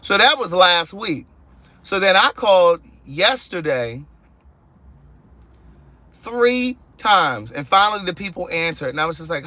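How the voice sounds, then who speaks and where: A man telling a story in casual vlog style from his car, animated and exasperated, acting out both sides of his phone calls. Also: fairly high pitch, moderate pace. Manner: sassy, exasperated. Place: inside a car.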